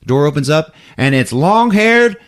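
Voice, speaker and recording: Man, podcast co-host, lively up-and-down voice, keeps laughing, acts out movie lines. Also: on the high side, moderate pace, clear, resonant tone. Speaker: podcast co-host recapping a film. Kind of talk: animated casual retelling.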